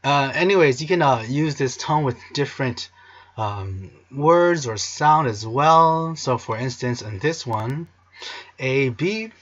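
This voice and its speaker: A man's voice: medium pitch, lively intonation, slow pace, fairly bright tone, dull audio. A man hosting a casual language lesson video, playful and cheesy, sometimes breaking into song. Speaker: language teacher, video host.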